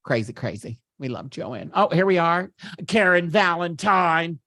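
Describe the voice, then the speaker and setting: A man's voice: fairly high pitch, expressive, unhurried, sharp tone, no room sound, studio quality, exaggerated voice. A man doing a campy, giggly comedian. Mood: gleeful, gushing. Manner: gushing, giggly, chatty asides. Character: campy middle-aged male comedian impression. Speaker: party host. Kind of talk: narrating photo slideshow. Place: virtual party at home.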